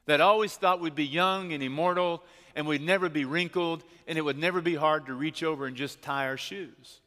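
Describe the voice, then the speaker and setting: Earnest pastor preaching in a reverberant hall. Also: male voice, on the high side, bright, forceful tone. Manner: earnest storytelling, slowing for emphasis. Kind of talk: sermon. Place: church sanctuary.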